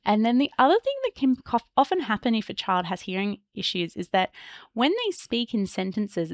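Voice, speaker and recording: A woman hosting an educational podcast, explaining patiently and slowly modeling speech sounds as examples. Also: mid-range voice, no echo, studio quality.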